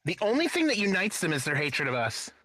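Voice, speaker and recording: A man hosting a podcast, animated and loose with his swearing. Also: high-pitched, fast, dry recording. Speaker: podcast host. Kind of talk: casual podcast chat.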